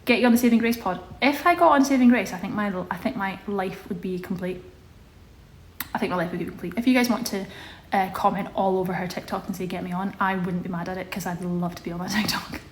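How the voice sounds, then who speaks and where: A woman's voice: medium pitch, quick pace. A young woman chatting casually on a live stream, reading out viewer questions and answering them. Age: young adult. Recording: echoey room with faint ambience.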